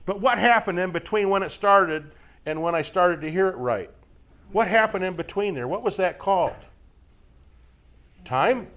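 Middle-aged male preacher, slightly high voice with a bouncy, animated lilt, folksy sermon packed with rhetorical questions. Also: moderate pace, long pauses. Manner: asks frequent rhetorical questions and tag checks; folksy, lively, jokes with listeners. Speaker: Bible teacher. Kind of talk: conversational sermon to a live group.

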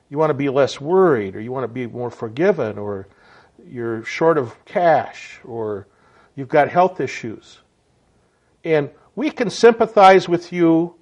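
Man preaching, earnest, reflective, stammering restarts, slightly high voice. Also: darkish tone, lo-fi sound. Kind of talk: spoken sermon message.

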